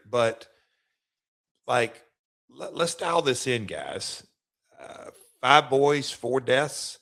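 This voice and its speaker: A middle-aged man tells stories on his podcast in a loose, rambling flow. He stammers and restarts his sentences often. His voice sits at an ordinary middle pitch. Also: a bit bright. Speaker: podcast host, former wrestler. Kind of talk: casual storytelling chat.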